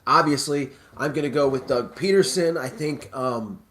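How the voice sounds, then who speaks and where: A man's voice: mid-range voice, normal speed, a bit bright. A man hosting a live sports talk stream, rambling and stammering through restarts in casual chat. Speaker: live show host.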